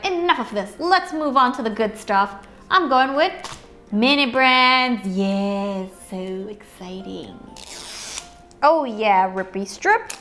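A woman's voice: mid-range voice, a bit bright. A woman hosting a toy unboxing video, bubbly and playful, chatting as she opens each item and sometimes slipping into silly voices for the toys.

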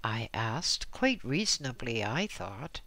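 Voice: medium pitch, very animated, slow, pushed and bright. A reader narrating a first-person memoir with dry, wry asides. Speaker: audiobook reader.

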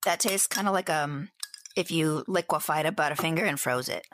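Woman, low voice, playful chatty podcast co-host, dry close sound. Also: moderate pace, dry recording. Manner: chatty, playful, animated food descriptions. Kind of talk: casual chat, live taste test.

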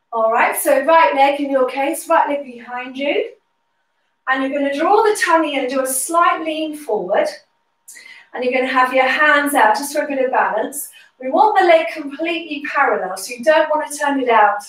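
A woman's voice: sits high, fairly bright tone. A woman leading a standing pilates workout, cueing moves and counting reps while slightly out of breath. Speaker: pilates instructor. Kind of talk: guided workout instruction. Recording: roomy, distant from the mic.

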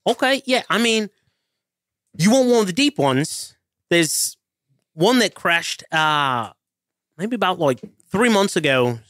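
A man voicing a blunt, unbothered male oil-rig foreman, who swears freely and gives deadpan one-word answers. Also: high-pitched, slow, pauses often, no echo, clean studio sound, exaggerated voice. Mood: helpful.

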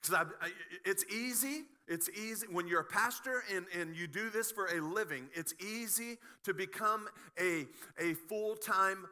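High, bright-voiced man preaching a sermon. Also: normal speed, hardly any pauses. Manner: animated, joking asides, frequent restarts. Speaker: pastor. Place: church sanctuary.

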